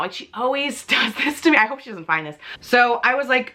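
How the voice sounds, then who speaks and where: A woman's voice: a little high, lively intonation, a little fast, few pauses, bright, forceful tone. A woman telling a storytime vlog, exasperated and in pain, retelling a bad week with lots of "like" and some swearing. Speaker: vlogger. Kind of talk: casual storytime rant.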